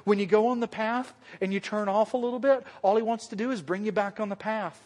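A man's voice: high-pitched, a little fast, darkish tone. A male pastor giving a conversational, self-deprecating sermon to a congregation and putting questions to them. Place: church hall with a congregation. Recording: long hall reverb.

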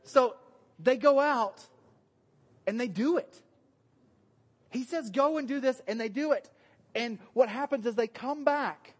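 A man's voice: extremely high pitch, slow pace, pauses often, long reverb tail. Southern male pastor, chatty sermon, self-deprecating humor. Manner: joking, conversational, self-deprecating. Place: church meeting room.

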